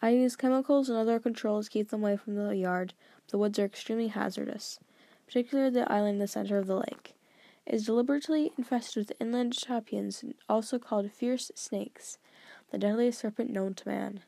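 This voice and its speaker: A woman voicing a stern, formal old grandfather who speaks in a measured, grave, lecturing way, a bit lower and quieter than her narration. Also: vocal fry, dry recording, close to an everyday voice.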